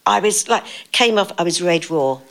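A woman's voice: on the low side, animated, normal speed, fairly bright tone. An older woman telling stories as an interview guest, chatty, laughing often and acting out what people said. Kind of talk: casual anecdotal storytelling.

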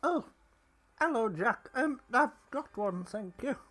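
Woman voicing a brusque middle-aged hotel boss, high, animated. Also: slow pace, full character voice. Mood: soft. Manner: brusque, mild British curses.

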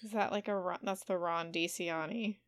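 A woman's voice: on the low side, steady tone, normal speed. A woman co-hosting a podcast in casual chat, who laughs often and fills her talk with "like". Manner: laughs often, chatty with many "like" fillers. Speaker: podcast co-host.

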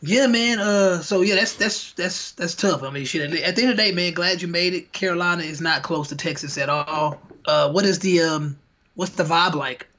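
A man's voice: high voice, moderate pace, sharp tone. Laid-back slangy man, dull lo-fi sound. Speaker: podcast co-host. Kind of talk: casual chat.

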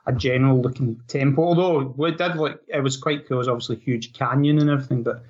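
Man, hesitant, breathy voice, muffled sound. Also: mid-range voice, fairly even intonation, fast, darkish tone. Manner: hesitant, restarts, weighs things up. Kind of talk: casual chat. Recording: dull lo-fi sound.

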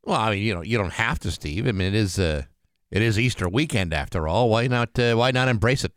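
Man, radio co-host, wry, teasing, lively pitch, dry studio sound. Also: a little fast, smooth, no room sound. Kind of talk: morning radio banter.

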